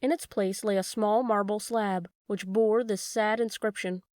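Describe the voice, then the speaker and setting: A woman's voice: medium pitch, steady tone, unhurried, darkish tone, no room sound, clean studio sound. Woman narrating a children's audiobook. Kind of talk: scripted narration.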